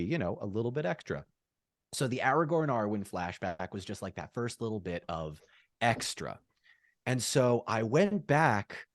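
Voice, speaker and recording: A man in his thirties, a podcast guest, telling stories in a rambling, animated way with quick laughs. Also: on the low side, no room sound, clean studio sound. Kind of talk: casual podcast chat.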